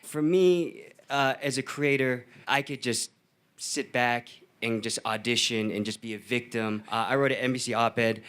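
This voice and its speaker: A man speaks as a guest on a panel, recounting his experiences with earnest emphasis. His voice sits at a middling pitch for a man, and his delivery is steady and heartfelt. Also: normal speed, clear, resonant tone. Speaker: filmmaker on a panel. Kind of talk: panel talk.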